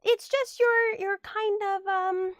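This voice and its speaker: A woman's voice: very high voice, steady tone, slow pace, a bit bright, dry recording, clean studio sound. A young woman recovering from illness, chatting casually on a livestream from a room at home, thanking viewers and muttering asides to herself as she tidies.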